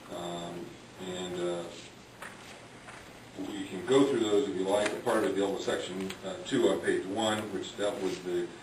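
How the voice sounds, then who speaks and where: A man giving public comment to a transportation board, halting with many ums and uhs. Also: sits low. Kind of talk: public comment at a council meeting. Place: large government chamber. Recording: echoey chamber, distant mic, hiss.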